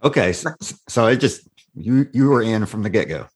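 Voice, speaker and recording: A man's voice: fairly low pitch, lively intonation, normal speed, breathy edge. A man hosting a podcast who laughs easily and asks short, casual questions of his guest. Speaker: podcast host. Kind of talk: casual interview chat.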